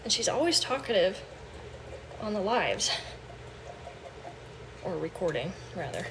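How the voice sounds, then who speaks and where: A woman's voice: medium pitch, sing-song, measured pace, long pauses, very noisy. A woman chatting casually on a livestream from her home kitchen, talking to viewers. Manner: chatty, coos baby talk to her cat. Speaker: livestream host.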